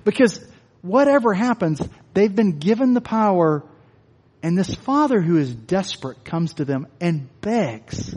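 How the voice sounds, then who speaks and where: A man preaching a sermon in a conversational, animated way, often restarting his phrases, to people in a church hall. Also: high-pitched, a little slow, husky. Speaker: pastor. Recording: long hall reverb.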